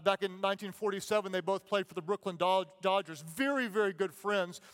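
A man preaching a sermon, telling stories with lively energy and repeating key lines slowly for emphasis. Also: sits high, clear, resonant tone, long reverb tail. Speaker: pastor.

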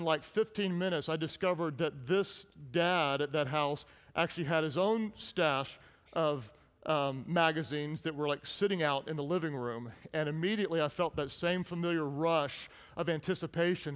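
A man in his thirties, a pastor preaching a sermon, telling a personal story in an earnest way with frequent restarts. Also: on the high side. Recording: long reverb in a large hall.

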